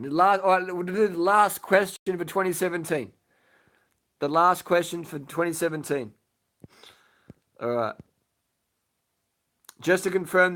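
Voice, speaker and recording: A man with a slightly raised pitch answers questions on a live stream from his bed. He talks bluntly and casually, swears without a second thought and says his points twice. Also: unhurried, long pauses, fairly bright tone. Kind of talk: casual late-night live stream chat. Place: lying in bed at home.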